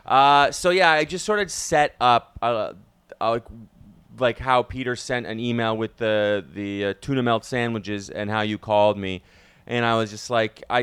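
A man's voice: mid-range voice, moderate pace, smooth, dry recording. A man hosting a podcast in casual chat, telling stories and acting out quoted lines. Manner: animated storyteller, acts out quotes. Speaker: podcast host.

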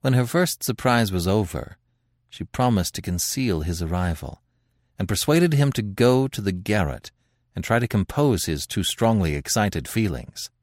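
A man hosting a podcast, narrating a classic tale in a dramatic, expressive reading with swelling emphasis. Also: lowish voice, moderate pace, no room sound, studio quality.

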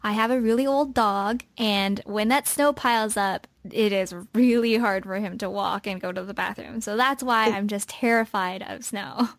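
A woman's voice: mid-range voice, moderate pace, few pauses, no echo. A woman co-hosting a podcast, chatting in a light, friendly way. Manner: light and friendly, laughs easily. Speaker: podcast co-host. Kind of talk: casual chat.

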